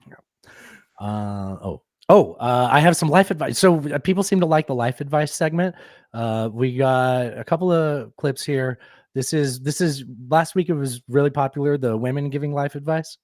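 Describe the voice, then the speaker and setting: Rambling joking podcast host, dry mic. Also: male voice, mid-range voice, normal speed, darkish tone, no room sound. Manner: joking, rambling, laughs often. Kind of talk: casual chat.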